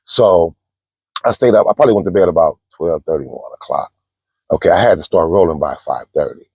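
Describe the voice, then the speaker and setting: A man's voice: sits low, fairly quick, gravelly, dark tone, slightly rough, dry recording. A man, a truck driver giving casual vlog advice, chatty and storytelling, calling his viewers y'all. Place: parked truck at a truck stop.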